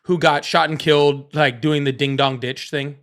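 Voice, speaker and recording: A Southern man with a slightly raised pitch hosts a casual live stream and takes callers. He is blunt and teasing, and he laughs often between remarks. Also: fairly even intonation, normal speed, fairly bright tone. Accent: Southern American. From American South. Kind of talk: casual live call-in chat.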